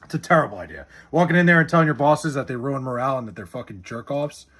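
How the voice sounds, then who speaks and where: A man's voice: medium pitch, lively intonation, fast, a bit bright, husky. A young man streaming live, chatting casually and bluntly with his chat, swearing a lot as he answers their questions.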